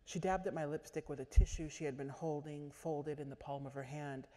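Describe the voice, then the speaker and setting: A woman author giving a measured literary reading at a stage microphone in a large auditorium. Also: low-pitched, steady tone, warm tone. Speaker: author reading her fiction. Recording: echoey auditorium.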